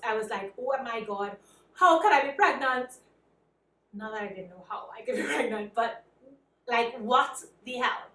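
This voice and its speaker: Animated Trinidadian woman, echoey room. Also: a little high, far from the mic. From Trinidad and Tobago. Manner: animated, self-described anxious, acts out quoted dialogue. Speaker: vlogger. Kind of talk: casual storytelling.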